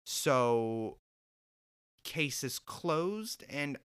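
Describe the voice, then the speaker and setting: A young man telling a story in a sassy, animated and profane way, straight to camera. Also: medium pitch, very slow, smooth. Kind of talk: storytime vlog.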